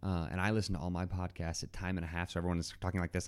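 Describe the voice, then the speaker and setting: A man's voice: low-pitched, level tone, rapid-fire, hardly any pauses, clear, resonant tone. A man hosting his own podcast, talking solo in a loose, rambling way with lots of fillers and restarts. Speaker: podcast host. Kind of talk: casual solo podcast monologue.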